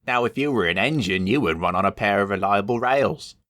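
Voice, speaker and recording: A man's voice: on the low side, lively intonation, fairly quick, a bit bright, dry recording, studio quality, pitched above the performer's own voice. A man voicing a cheeky, proud little male tank engine who talks in a boastful, eager way. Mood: indignant.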